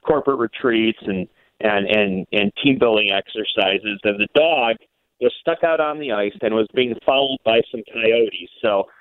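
A man's voice: on the low side, normal speed, dry recording. Man telling a story over a tinny phone line. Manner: rambling, many fillers and restarts. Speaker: radio producer guest.

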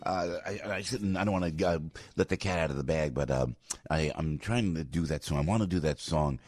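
A man's voice: rumbling low, a little fast, dry recording. An older man hosting a morning radio show, in a fired-up, rambling monologue full of restarts. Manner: animated, rambling, with many restarts and fillers. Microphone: studio microphone.

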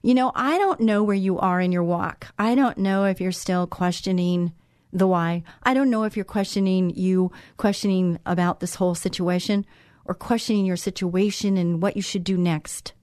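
A woman's voice: medium pitch, moderate pace, a little mellow, no room sound, studio quality. A woman hosting a Christian talk show, speaking in an encouraging, conversational way and repeating phrases for emphasis. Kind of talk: devotional talk show monologue.

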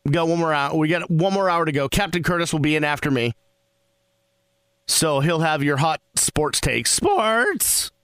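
A man hosting a call-in sports radio show, animated and rambling with laughter. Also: on the high side, moderate pace, clear, resonant tone, no echo.

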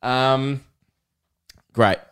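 A man's voice: medium pitch, steady tone, drawn-out words, a bit bright, smooth. A young Australian man hosting a comedy podcast, rambling casually, swearing freely and cracking himself up. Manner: swears freely, self-amused, breaks into laughter.

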